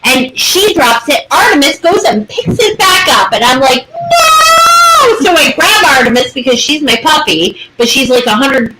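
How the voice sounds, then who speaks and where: A high-pitched woman in her forties who swoops all over her range as she tells a rowdy story. She swears freely and acts out voices. Loud noise runs behind her. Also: expressive, normal speed, few pauses. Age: 40s. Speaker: podcast co-host. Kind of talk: casual storytelling chat. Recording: noisy room.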